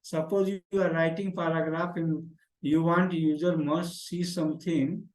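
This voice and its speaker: A man's voice: a little high, level tone, measured pace, a little mellow, roomy sound, poor audio. A man teaching a beginner HTML lesson, repeating phrases and calling the class "guy". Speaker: programming teacher. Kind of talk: screen-share coding lesson.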